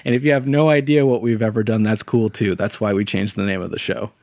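A man's voice: fairly low pitch, fairly even intonation, fast talker, a little mellow, dry recording. A man co-hosts a casual podcast while fighting off a cold. His talk is loose and joking, with frequent laughs. The sound is close and dry. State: sick, a bit hoarse. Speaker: podcast co-host.

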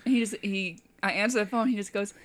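A woman's voice: medium pitch, brisk, no room sound. A woman co-hosting a podcast, casually telling a story with laughter between lines. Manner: laughing, animated retelling. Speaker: podcast co-host.

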